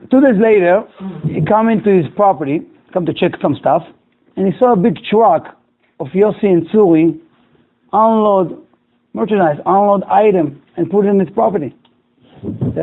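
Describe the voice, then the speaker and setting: A man's voice: high-pitched, moderate pace. A rabbi telling a moral story to his class in broken English, acting out each character's lines. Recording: tinny, phone-like lo-fi recording.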